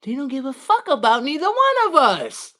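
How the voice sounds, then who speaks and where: Male live streamer, high-pitched and animated, with a profane, slangy rant. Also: a little slow.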